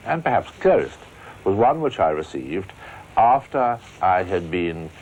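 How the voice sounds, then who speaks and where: A male member of parliament reading out a letter from a constituent, deliberate and deadpan. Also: low voice, rough recording.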